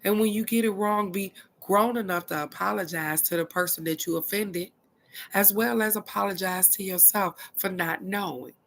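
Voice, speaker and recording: A woman's voice: medium pitch, moderate pace. A middle-aged woman, giving a casual, blunt spiritual card reading and cussing freely. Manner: blunt and animated, cusses freely.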